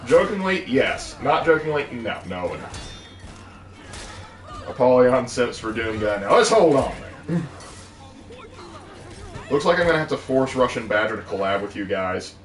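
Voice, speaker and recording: A man co-hosting a game stream, reading out viewer questions and adding dry jokes. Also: lowish voice. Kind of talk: casual gameplay chat. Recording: roomy, distant mic with faint noise.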